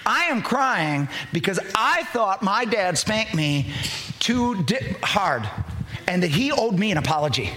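A man's voice: high voice, big pitch swings, a little slow, bright, forceful tone, slight background noise. A middle-aged male pastor preaching a sermon, telling a personal story with frequent restarts and building intensity.

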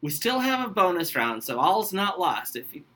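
A man on a comedy podcast running a movie quiz game, talking in an animated way with exasperated outbursts. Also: high voice, normal speed.

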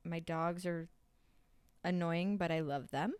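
A young woman co-hosting a podcast in relaxed, slangy casual talk, swearing casually. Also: lowish voice, takes it slowly, clean tone, no room sound. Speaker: podcast co-host. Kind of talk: casual chat.

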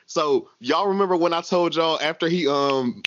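A man co-hosting a casual wrestling podcast, animated and slangy, laughing often. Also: a little high, moderate pace, lo-fi sound, background noise. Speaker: podcast co-host.

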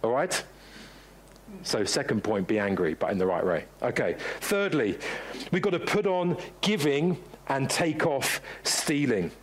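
A man's voice: medium pitch, very animated, unhurried. A man preaching a sermon in a conversational way, often restarting and acting out short quotes. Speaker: pastor.

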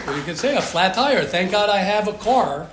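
A man's voice: high-pitched, expressive, normal speed. A man leading a class discussion as rabbi, affirming each speaker. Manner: affirming, repeats praise. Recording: echoey room, loud crowd and noise.

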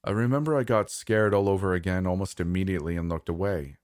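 A man with a very low, deep voice telling a scripted horror story. He reads slowly and somberly, and the sound is dry and close with no room echo. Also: darkish tone. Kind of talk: scripted first-person horror narration.

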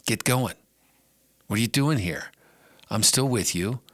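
A man's voice: lowish voice, lively intonation, measured pace, no echo, studio quality. A middle-aged man hosting a podcast, giving an earnest, conversational devotional talk with emphatic rises. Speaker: podcast host and preacher.

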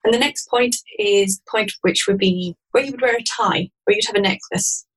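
A woman explaining a tapping technique step by step, in a gentle and calm manner. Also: medium pitch, moderate pace, husky, low-quality recording. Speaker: EFT practitioner guest. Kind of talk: guided instruction in an interview.

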